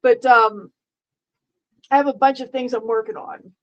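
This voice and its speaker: A middle-aged woman talks to her live-stream viewers in a loose, rambling way. Her voice sits a little high. She restarts her sentences often and keeps a dry, sarcastic edge. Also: fairly even intonation, a little slow, dull audio. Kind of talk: casual live-stream chat.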